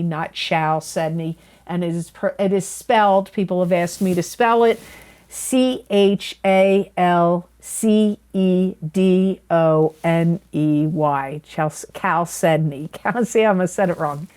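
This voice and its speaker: A woman reads tarot for viewers in a monthly forecast to camera, her voice fairly low in pitch with a darkish tone. Chatty and earnest, she often repeats things and corrects herself.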